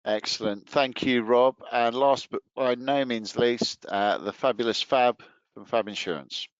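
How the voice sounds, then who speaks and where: A man's voice: medium pitch, unhurried, clean tone, dry recording, dull audio. A man hosting a webinar panel, upbeat as he hands over to each speaker. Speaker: webinar host.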